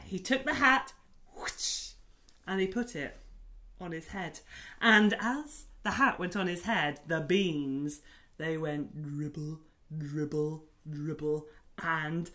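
Slow, sing-song woman telling toddlers a story. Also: low-pitched. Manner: animated, sing-song, claps along. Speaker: children's storyteller. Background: soft cello.

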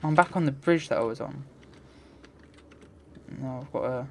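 A man's voice: mid-range voice, normal speed, vocal fry, long pauses, darkish tone. A man giving let's play commentary, muttering to himself and swearing in frustrated rants. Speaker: gamer.

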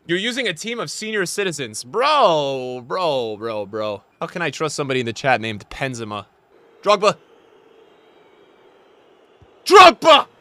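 A young man giving live commentary on a football video game as he plays, swinging from mumbled asides to loud outbursts. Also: mid-range voice, animated, moderate pace, few pauses, no echo. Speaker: gaming streamer.

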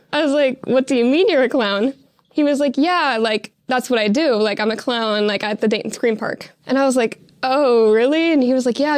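A woman's voice: fairly high pitch, dry recording. A young woman telling a casual, chatty anecdote full of fillers. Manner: chatty, filler-heavy storytelling. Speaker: student storyteller.

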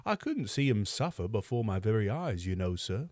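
A man's voice: lowish voice, sing-song, moderate pace, a little mellow, no room sound, studio quality. A man voicing a fussy, fawning middle-aged nurse woman who talks in a sugary, falsely humble way. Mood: wheedling.

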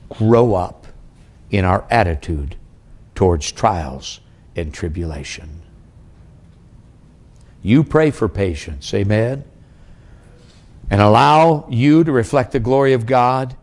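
A middle-aged man preaching a sermon as an evangelist, telling a personal story with wide swings in pitch and loudness.

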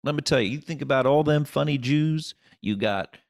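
A man putting on a pushy male comedy club booker with a slow, folksy drawl and bad grammar. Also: mid-range voice, gravelly, pitched above the performer's own voice, lightly acted. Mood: blunt.

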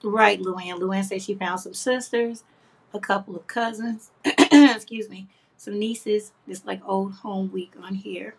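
A woman with a husky, slightly breathy voice hosts a casual craft livestream. She chats warmly with her viewers, reads their comments aloud and laughs often. Her pitch sits in an ordinary middle range. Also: steady tone, a little slow. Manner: chatty and affectionate, laughs often.

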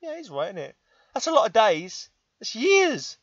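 A middle-aged man with an English accent rambles to his laptop in his room, tired and wryly mocking himself, with sighs and chuckles. His voice sits a touch high. The sound is dull and lo-fi, with a dry, close feel. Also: huge pitch swings, moderate pace, dry recording. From England. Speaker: vlogger. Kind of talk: casual vlog monologue. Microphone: laptop microphone.

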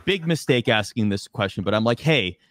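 A man guest on an interview podcast, telling anecdotes with animated, lively delivery and acting out voices. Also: fairly low pitch, no echo. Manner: lively, acts out voices in anecdotes, fast asides. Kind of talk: animated storytelling in casual chat.

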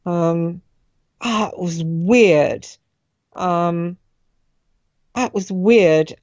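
A woman guest on a radio show, recounting a personal experience in a halting way as she searches for words. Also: fairly low pitch, darkish tone, dry recording, dull audio.

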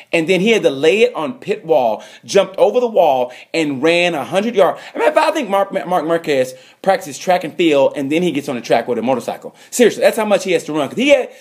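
A man giving a rambling comedic awards monologue, excitable and prone to sudden loud bursts. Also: medium pitch. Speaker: host.

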